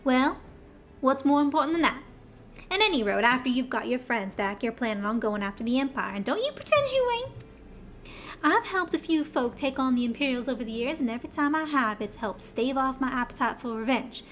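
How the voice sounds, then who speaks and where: A woman's voice: sits high, big pitch swings, a little fast, fairly bright tone, slight background noise. A woman reading game dialogue aloud, voicing a blunt, folksy middle-aged male schemer in a heavy Southern US twang. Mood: wry. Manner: folksy, blunt, rough-spoken.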